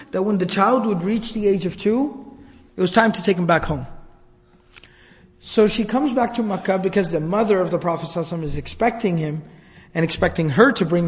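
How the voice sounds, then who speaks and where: Male religious teacher, higher register, lively conversational retelling, long reverb. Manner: animated, conversational retelling with repetitions. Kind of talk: storytelling lecture.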